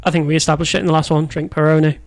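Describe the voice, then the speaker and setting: A man with a fairly high voice trades quick, blunt jabs in casual podcast banter. He teases the others and dismisses their picks flatly. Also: no room sound. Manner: blunt, teasing, quick put-downs. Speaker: podcast co-host.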